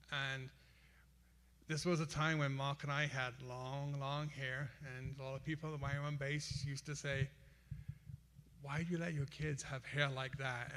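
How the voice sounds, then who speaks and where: Relaxed ex-pastor man in a reverberant church. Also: medium pitch. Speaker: son of the deceased, ex-pastor. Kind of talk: memorial speech. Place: church hall. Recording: church sanctuary with long reverb.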